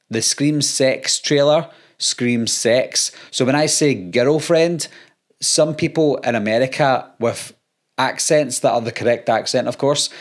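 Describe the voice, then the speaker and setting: A Scottish man and YouTuber, reading out comments in casual talk with dry, sarcastic comebacks. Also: mid-range voice. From Scotland.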